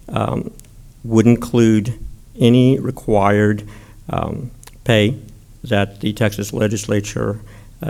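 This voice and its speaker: Male board trustee, low and gravelly, halting delivery, meeting setting. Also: a little mellow. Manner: halting, restarts while making a motion.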